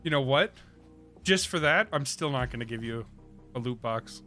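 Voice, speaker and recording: A man's voice: medium pitch, animated, moderate pace, bright, forceful tone, faint music behind. A young man with a Midwestern accent, chatting sarcastically and rambling while streaming a game. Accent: Midwestern American. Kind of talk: casual gaming stream chat.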